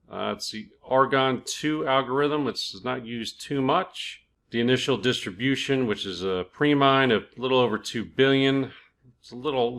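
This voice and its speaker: A man hosting his own cryptocurrency channel, explaining a coin project in a relaxed, conversational way, with fillers and small self-corrections. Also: medium pitch. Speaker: crypto YouTube channel host. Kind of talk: casual explainer, reading from a project page.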